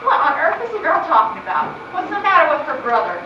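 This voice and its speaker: A woman's voice: high-pitched, very animated, quick pace, noisy background. A young actress in a school stage play, playing a fussy, scandalized lady. She is heard from far off in an echoey hall. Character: prim scandalized older lady Lydia. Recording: distant echoey hall, muffled.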